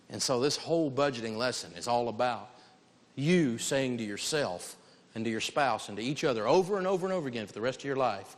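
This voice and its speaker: A man teaching a live money lesson to an audience, preachy, rising to shouts for emphasis. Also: mid-range voice, expressive, brisk. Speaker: financial teacher. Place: large hall with a live audience. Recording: long hall reverb.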